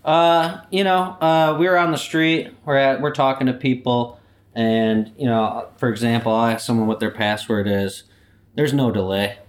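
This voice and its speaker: A man's voice: mid-range voice, fairly even intonation, normal speed, close to an everyday voice. A man playing a boastful, swaggering personification of human error in a comedic interview. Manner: swaggering, boastful, laid-back. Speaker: company anti-mascot guest.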